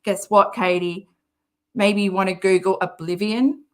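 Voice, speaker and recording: A woman's voice: mid-range voice, steady tone, measured pace. An Australian woman hosting a commentary channel, reacting to a clip in a sarcastic, mocking way and swearing often.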